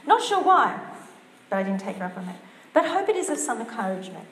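A woman's voice: mid-range voice, sing-song, very fast, a little hiss or hum. A woman preaching a topical sermon in an earnest, conversational way, reading scripture aloud. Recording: roomy church sound.

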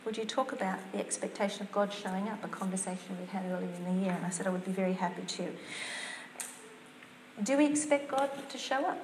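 A woman's voice: mid-range voice, fast talker, a little mellow, slight background noise. A woman preaching a topical sermon in an earnest, conversational way, reading scripture aloud. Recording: roomy church sound.

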